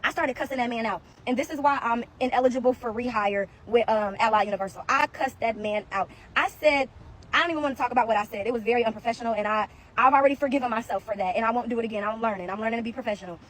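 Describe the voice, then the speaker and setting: A woman's voice: fairly high pitch, very fast. A woman who used to work as a security guard, telling a casual story to the camera and acting out what other people said. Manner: animated, acts out other people's lines.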